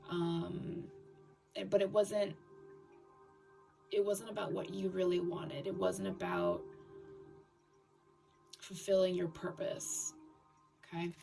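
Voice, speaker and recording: A woman giving a tarot reading in a scratchy voice, talking haltingly with fillers and restarts. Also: fairly low pitch, vocal fry. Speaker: tarot reader. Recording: distant mic with background music.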